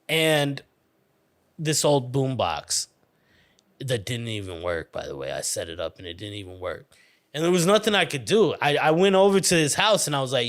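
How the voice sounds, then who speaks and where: A man hosting a podcast, telling a childhood story in a rambling, profane, animated way. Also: mid-range voice. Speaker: podcast host. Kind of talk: casual storytelling monologue.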